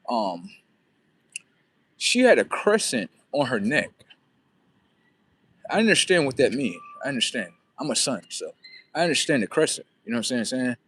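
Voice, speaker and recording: A young man from Florida, rambling through a story as he walks, acting out what people told him. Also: mid-range voice. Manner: rambling, repeats himself, quotes others in lively voices. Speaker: vlogger. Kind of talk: casual storytelling while walking.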